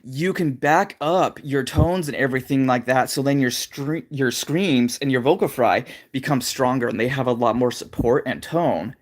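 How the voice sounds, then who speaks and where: Man, casual livestream lesson, rambling, filler-heavy talk, mid-pitched voice, recorded at home. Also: moderate pace, hardly any pauses. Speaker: vocal coach streaming live.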